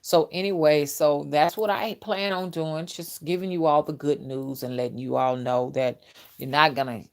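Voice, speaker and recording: A spiritual reader talks in a blunt, graphic, unfiltered casual monologue and often laughs. Her voice sits somewhat low for a woman. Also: steady tone, moderate pace.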